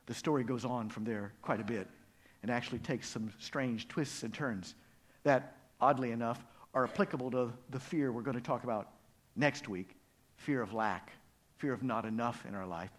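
Expressive male preacher telling a story. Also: medium pitch. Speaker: pastor. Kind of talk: sermon storytelling.

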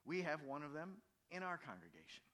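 A middle-aged male pastor delivering a sermon as an earnest story. His voice sits a little high, with a bright, forceful edge. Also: big pitch swings, brisk.

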